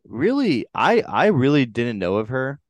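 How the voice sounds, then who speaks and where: A man's voice: mid-range voice, very animated, measured pace, dry recording, lo-fi sound. A man with a New Hampshire accent, hosting a casual movie review podcast in a loose, rambling way with casual swearing. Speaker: podcast host.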